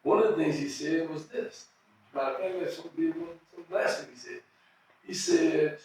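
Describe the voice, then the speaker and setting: An older man is interviewed, earnestly telling reflective stories and restarting his phrases as he goes. His voice is a little high with lively intonation at normal speed. He's off-mic, with the mic distant, in a very echoey room with slight background noise.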